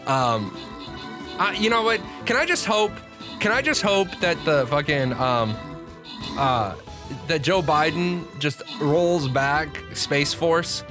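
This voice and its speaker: A man's voice: on the high side, lively intonation, slow, over music. A man streaming live, ranting with lots of swearing and frequent restarts as he talks to his chat. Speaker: gaming streamer. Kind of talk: profane live-stream rant.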